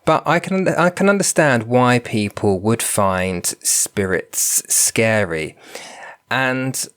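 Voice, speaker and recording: A man hosting his own podcast, nasal and bunged up from a cold, talking gently and reflectively as he thinks aloud. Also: medium pitch, animated, slow pace. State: congested from a cold. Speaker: podcast host and spiritual medium. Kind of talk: casual solo podcast talk.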